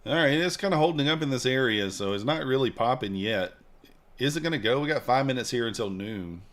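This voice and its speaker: A man's voice: medium pitch, lively intonation, brisk, fairly bright tone. A man hosting a live trading stream, chatting casually, joking and answering viewers' comments. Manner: laid-back, joking, reads and answers chat. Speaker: livestream trading host.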